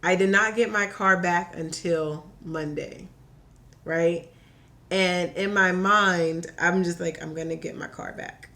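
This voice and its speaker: A woman from Virginia chatting on a podcast as a guest, telling a story in a lively way and acting out the voices she quotes. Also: lowish voice, slow. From Hampton Roads, Virginia. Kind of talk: casual chat.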